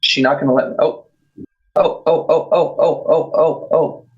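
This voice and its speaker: Man, co-player, slightly high voice, dry low-key game commentary. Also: steady tone, moderate pace, muffled recording. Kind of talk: casual let's play chat.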